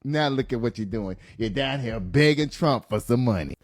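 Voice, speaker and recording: A man's voice: mid-range voice, lively intonation, normal speed. A man giving casual reaction commentary, incredulous and blunt.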